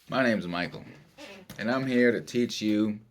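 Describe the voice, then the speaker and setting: Slow gravelly deadpan man lecturing. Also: fairly low pitch, a little hiss or hum. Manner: slow, rambling, mock-serious lecturing with filler words. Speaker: comedic self-help presenter. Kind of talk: deadpan parody self-help lecture.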